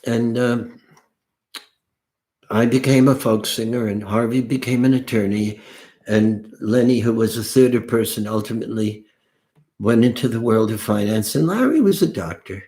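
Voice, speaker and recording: An older man, a folk singer hosting an online mini-concert, speaking slowly and gravely, with phrases that trail off softly. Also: mid-range voice. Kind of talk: somber spoken address between songs.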